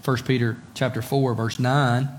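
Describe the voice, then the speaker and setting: Man, pastor, conversational sermon, rhetorical questions, repeats words for emphasis, mid-pitched voice. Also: flat delivery, unhurried, slight background noise.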